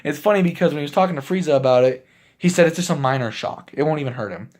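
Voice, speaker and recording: A man casually recapping a movie for his channel, rambling with lots of fillers and breaking into laughs as he gets excited. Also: on the high side, racing. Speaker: movie reviewer.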